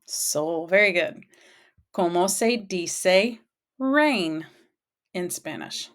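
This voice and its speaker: Slow, encouraging woman teacher. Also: fairly low pitch, animated, a bit bright. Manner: cheerful, praising, repeats words slowly. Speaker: Spanish teacher. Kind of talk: slow, encouraging vocabulary drill.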